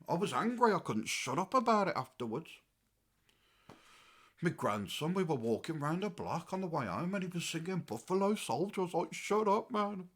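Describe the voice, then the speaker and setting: Bloke doing a grumpy old english grandad, rambling, voice bouncing all over the place. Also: male voice, high-pitched, fairly bright tone, husky, exaggerated voice. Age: older. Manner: rambling and aggrieved, swinging between mutters and outbursts. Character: grumbling old English grandad, easily riled. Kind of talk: comic character monologue.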